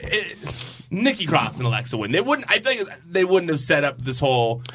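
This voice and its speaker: A man co-hosting a casual chat about wrestling, animated and laughing often, with plenty of fillers. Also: on the high side, normal speed. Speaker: podcast co-host.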